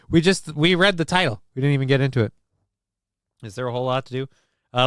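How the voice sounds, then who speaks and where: A man's voice: medium pitch, fairly bright tone, clean tone, dry recording, clean studio sound. A man hosting a casual livestream, rambling, swearing freely and poking fun at himself while reading chat. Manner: rambling, profane, self-mocking. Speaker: livestream host.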